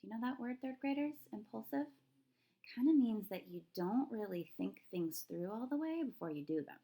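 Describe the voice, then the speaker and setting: In a recorded lesson video, an elementary school teacher leads her third graders through a reading lesson, chatting, thinking aloud, and questioning the kids as she goes. Her voice sits on the high side with lively intonation, a moderate pace, vocal fry, and a dark tone.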